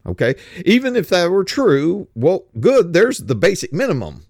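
A middle-aged man speaking in a casual spoken monologue, halting with many restarts and rhetorical questions. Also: on the high side, wildly swooping pitch, vocal fry, darkish tone, no room sound, studio quality.

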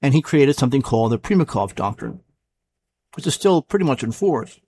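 A man's voice: mid-range voice, big pitch swings, a little fast, dark tone, breathy edge, dry recording. A man hosting a solo commentary show, talking casually and rambling, often stopping to correct himself. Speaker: show host.

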